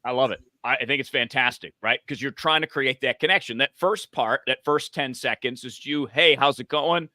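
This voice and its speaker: A man's voice: mid-range voice, a little fast, hardly any pauses, pushed and bright, no echo. A man, a former radio voice, giving conversational advice on using the voice, swinging up and down for emphasis. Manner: uses his voice up and down for emphasis. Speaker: podcast guest, voice coach.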